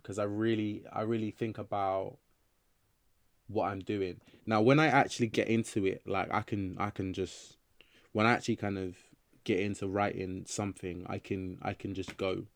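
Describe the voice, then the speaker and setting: A man's voice: fairly low pitch, gravelly, no echo. A young adult man from England, a writer and actor talking casually in an interview, loose and rambling with many fillers and restarts.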